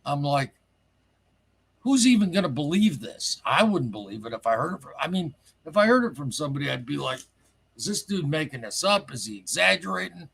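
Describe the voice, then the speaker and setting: A man calling in to a show, telling a strange story in a rambling, excitable way and swearing casually. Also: fairly high pitch, brisk, creaky, slightly rough. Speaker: caller sharing a paranormal story.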